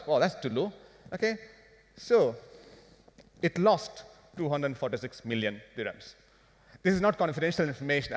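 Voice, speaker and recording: A man giving a live finance talk to an audience, animated and firing rhetorical questions at the crowd. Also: medium pitch. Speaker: business speaker. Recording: long hall reverb.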